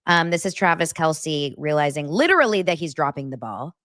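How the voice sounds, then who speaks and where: A woman with a lowish voice chats about celebrity gossip in a playful, meandering way, often stopping mid-word to restart. The sound is dry and close, with no room around it. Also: animated, fairly quick, a bit bright, dry recording. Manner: rambling, self-interrupting, playful. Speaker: host. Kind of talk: casual celebrity gossip chat.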